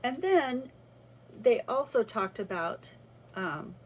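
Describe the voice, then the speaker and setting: A woman's voice: fairly high pitch, sing-song, slow, slight background noise, poor audio. A woman talking through a personal faith reflection in a casual, earnest way, with restarts as she thinks aloud. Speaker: vlogger sharing a faith reflection.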